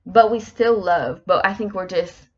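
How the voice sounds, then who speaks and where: A woman's voice: medium pitch, measured pace, darkish tone. A woman in her twenties hosting a casual solo podcast, talking candidly, animatedly and swearing constantly. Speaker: podcast host. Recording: slightly muffled lo-fi recording.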